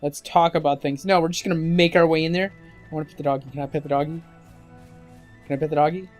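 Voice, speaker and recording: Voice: medium pitch, steady tone, quick pace. A let's-play commentator tossing off sarcastic, joking remarks while playing. The tone is loose and casual, with game music faintly underneath.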